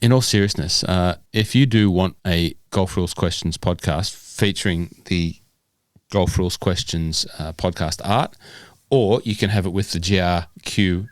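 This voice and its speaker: A man's voice: sits low, moderate pace, dry recording, studio quality. A man co-hosting a casual podcast, joking around and stumbling as he reads questions aloud. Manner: jokey, stumbles and restarts when reading aloud. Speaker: podcast co-host.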